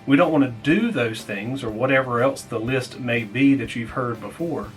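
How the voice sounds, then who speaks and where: An American pastor leads a small group Bible lesson in a plainspoken way, repeating key points slowly so people can take notes. His voice is medium-pitched, with faint music behind him and poor audio.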